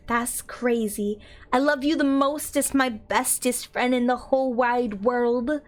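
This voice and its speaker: Giggly young woman gaming streamer, kinda high pitched, reads stuff aloud and gushes at chat. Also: fairly even intonation, measured pace. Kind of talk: casual gameplay commentary.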